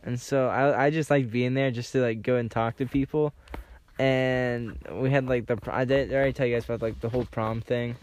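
A young man chats with his friends and rambles through a story, filling it with "like" at every turn. His voice sits at an ordinary middle pitch and keeps an easy, loose way of talking. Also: steady tone, a little fast, a little mellow, muffled recording. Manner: rambling storyteller, heavy use of "like". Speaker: podcast co-host. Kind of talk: casual chat among friends.

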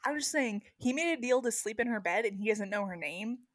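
A young woman chats casually, adding wry, teasing comments in a fairly high voice. The recording is close and dry, with no room sound. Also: expressive, brisk, no echo. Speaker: podcast co-host. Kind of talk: casual chat.

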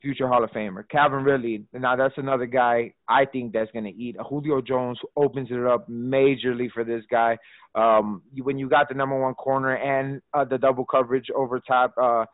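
A man's voice: mid-range voice, fairly even intonation, moderate pace, dry recording. A man co-hosting a fantasy football podcast in casual chat, talking loosely with lots of fillers and restarts and swearing freely. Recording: dry, phone-like narrow sound.

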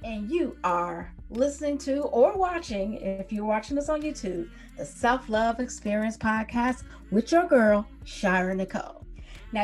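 A woman hosting a podcast, chatting casually and playfully with her guest. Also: fairly high pitch. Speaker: podcast host.

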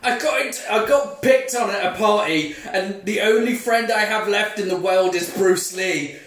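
Wry male co-host, slightly high voice, a bit off-mic in an echoey room. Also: moderate pace, fairly bright tone, distant mic, slight background noise. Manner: wry, joking asides. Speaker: podcast co-host. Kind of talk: casual chat.

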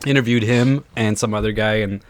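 A young man with a lowish voice who talks in a relaxed, easygoing way, full of small fillers. He chats as a guest on a podcast, sharing his story without hurry. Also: normal speed, slight background noise. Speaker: podcast guest, social worker. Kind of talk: casual podcast chat.

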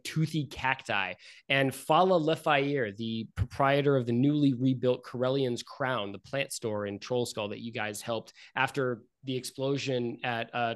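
Guy running a tabletop game, casual rambly narration, lots of likes and uhs, middle pitch. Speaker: game master.

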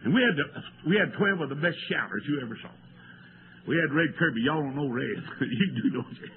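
An older man, preaching a folksy storytelling sermon that swells into shouts and tearful cries. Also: fairly high pitch, animated, a little fast. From American. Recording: tinny lo-fi old sermon tape with faint hiss.

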